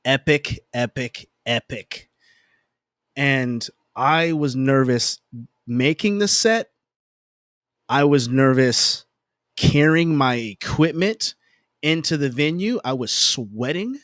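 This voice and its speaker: A man telling a personal story in a casual conversation, animated and self-deprecating, with emphatic repetition. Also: mid-range voice, takes it slowly, no room sound, studio quality. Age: adult parent.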